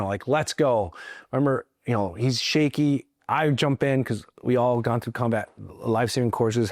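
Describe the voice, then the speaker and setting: Earnest low-voiced man telling a story. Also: no echo, clean studio sound. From Mexico. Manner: earnest, halting with restarts, acts out quoted lines. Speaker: guest, veteran and federal agent. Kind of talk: personal storytelling in an interview.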